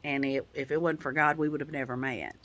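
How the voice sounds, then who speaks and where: A woman's voice: low voice, steady tone, brisk, a bit bright. A woman giving a casual personal update as a vlogger, talking in a rambling, heartfelt way with many "you know" fillers. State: tearing up at times.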